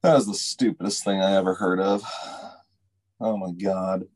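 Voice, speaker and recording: A man's voice: deep voice, fairly even intonation, moderate pace, darkish tone. A man in a casual podcast chat, chiming in with blunt, emphatic remarks.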